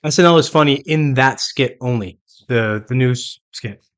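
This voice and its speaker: Brief: male co-host, mid-pitched, blunt and opinionated, casual chat. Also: normal speed, a bit bright. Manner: opinionated, blunt, talking while eating. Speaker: podcast co-host.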